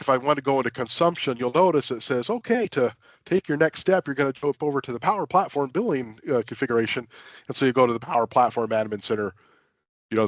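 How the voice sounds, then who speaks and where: A man walks through software admin settings in a loose, self-deprecating webinar style, full of fillers and quick restarts. His voice sits in a middle range and sounds close and dry, with almost no room around it. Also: medium pitch, no echo. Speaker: webinar presenter. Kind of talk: casual technical webinar talk.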